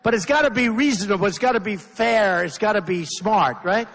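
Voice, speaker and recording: A political candidate in his sixties delivers an off-the-cuff rally speech in a large indoor venue, emphatic and repetitive, while hecklers interrupt. His voice sits high and a bit bright, brisk with vocal fry. The hall is reverberant, with faint crowd noise.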